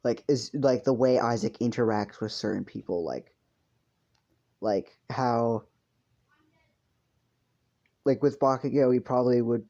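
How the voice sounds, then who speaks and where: The voice is a young man's, mid-range and mellow, casually inventing a story at home while his cat is around. He meanders, gets crude, corrects himself often and fills gaps with fillers, and his lo-fi mic sounds dull.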